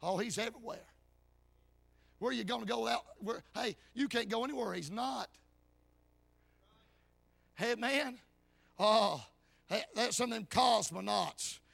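High, gravelly hollering preacher man. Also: measured pace, long pauses, dry recording. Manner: shouts, punctuating with "amen" and "hey". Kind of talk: hollering revival sermon. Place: church.

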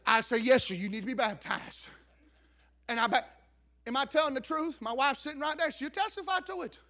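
Middle-aged male pastor, sermon storyteller, very high bright voice, swings from hushed to shouting. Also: a little fast. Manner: storytelling preacher, rising to shouts.

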